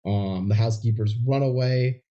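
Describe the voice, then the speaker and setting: A man's voice: fairly low pitch, normal speed, dark tone. Man recapping a movie in a dull lo-fi recording. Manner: retells scenes, acting out lines. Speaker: podcast co-host. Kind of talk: casual movie recap chat.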